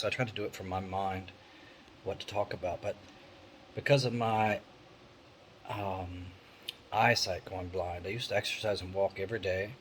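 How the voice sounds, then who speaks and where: A man's voice: low voice, fairly bright tone, a little hiss or hum, rough recording. A middle-aged man, talking casually and candidly to camera in a rambling vlog monologue from a room at home. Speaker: vlogger. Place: indoor room with an electric fan.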